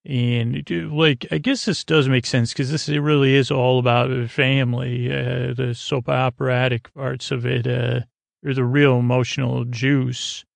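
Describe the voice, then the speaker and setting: A man's voice: mid-range voice, little pitch movement, a little slow, creaky, no room sound. A man hosting a podcast, rambling through a casual episode recap with lots of fillers and loose paraphrasing. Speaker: podcast host.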